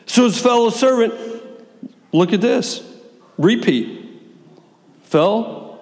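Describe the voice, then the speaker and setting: A man preaching a sermon, reading scripture aloud with lively swings between soft asides and raised, dramatic passages. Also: takes it slowly, long pauses. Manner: lively, wide swings in pitch and loudness, reads scripture dramatically. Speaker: pastor. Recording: long hall reverb.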